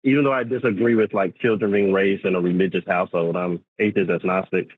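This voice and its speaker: A man with a low voice calls in over a tinny phone line. He speaks in a hesitant, measured way, working through his points carefully. The sound is dry and thin. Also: steady tone, no room sound. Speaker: caller. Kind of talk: casual discussion on a call.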